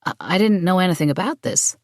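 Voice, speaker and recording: A polite, earnest businessman who is an outsider, speaking softly and hesitantly, as a woman reads him. Low voice, dry room. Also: animated, fast, no room sound, lightly acted.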